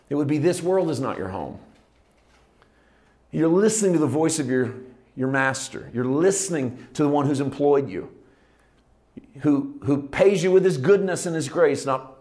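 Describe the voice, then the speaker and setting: A man preaching a Bible teaching, emphatic and repeating phrases for stress. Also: on the high side.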